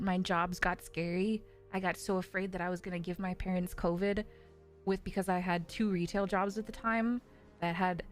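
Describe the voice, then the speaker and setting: A woman in her twenties, a streamer, talking in casual live-stream chat in an earnest, confiding way with many fillers. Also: medium pitch.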